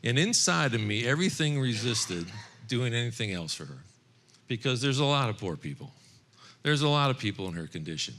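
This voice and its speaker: A man's voice: mid-range voice, big pitch swings, brisk, fairly bright tone, a little hiss or hum. A middle-aged man telling a personal testimony to a men's Bible study group in an earnest storytelling manner. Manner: earnest, storytelling, quoting others in his own voice, occasional laughs.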